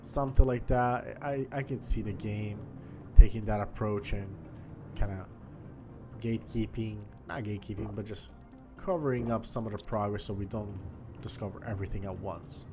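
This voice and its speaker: A man's voice: on the low side, moderate pace. A man giving casual gameplay commentary, chatty and thinking aloud as he explores, with faint game music behind him. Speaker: gaming YouTuber.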